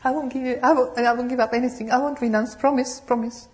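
A woman teacher puts on a panicky ego that bargains and pleads, its voice jumping high and loud with alarm. It sounds frantic and desperate. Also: steady tone, fast, a little hiss or hum, close to an everyday voice. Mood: panicked pleading.

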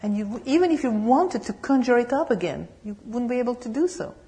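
A Buddhist nun giving a dharma talk, telling humorous, animated stories. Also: female voice, a little high, brisk. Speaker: Buddhist nun and meditation teacher.

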